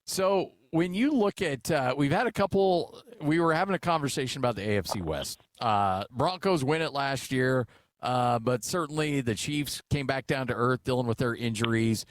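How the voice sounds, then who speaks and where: A man's voice: medium pitch, normal speed, dry recording. A man in his forties hosting sports talk radio, telling stories in a chatty way with many fillers. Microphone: studio microphone.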